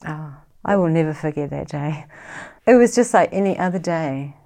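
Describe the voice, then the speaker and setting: A middle-aged New Zealand woman, appearing as an interview guest, shares her personal story in a fairly low, gravelly voice. She sounds halting and reflective, soft-spoken throughout, yet her intonation is lively.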